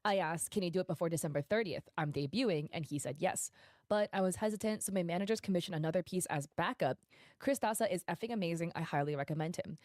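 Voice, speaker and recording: A woman's voice: lowish voice, darkish tone, no room sound, studio quality. A woman streamer reading out a thread of posts and messages, breaking in with indignant, emphatic asides. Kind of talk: livestream commentary reading posts aloud.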